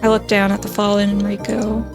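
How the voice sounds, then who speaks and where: A woman reading a visual novel aloud as a let's-play host, in a slow, measured way. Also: medium pitch, monotone, music in the background.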